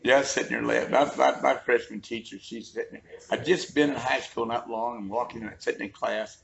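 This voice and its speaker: A man's voice: mid-range voice, steady tone, a little fast, creaky, fairly bright tone, highs cut off, a little hiss or hum. A man, telling joking, folksy stories in a casual roadside chat. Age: 50s. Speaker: interviewee. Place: roadside outdoors. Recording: crowd chatter behind.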